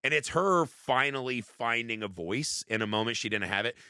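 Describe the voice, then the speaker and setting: A man's voice: medium pitch, moderate pace, clean tone, no echo, studio quality. A young man co-hosting a movie podcast, talking casually and profanely and acting out lines from films. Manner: profane, animated, acts out movie quotes. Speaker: podcast co-host. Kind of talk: casual chat.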